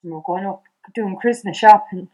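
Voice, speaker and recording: A middle-aged Irish woman speaks as a guest in a conversation, her voice sitting at an ordinary pitch. She tells her story in quick, broken bursts and acts out the exchanges. She keeps circling back and restarting her sentences. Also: dark tone, low-quality recording. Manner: fast, halting retelling that acts out past dialogue, with many restarts. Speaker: podcast guest.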